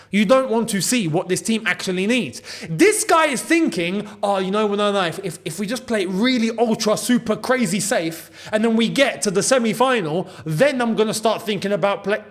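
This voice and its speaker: A young man hosting a football channel, ranting in an animated way and hammering points home by repeating them. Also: high voice.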